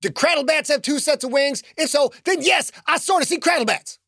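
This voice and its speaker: A man's voice: animated, a little fast, creaky, bright, forceful tone, no room sound, studio quality, full character voice. A man voicing a panicked, streetwise young man who swears as he talks. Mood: anxious. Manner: frantic, swearing, high-strung.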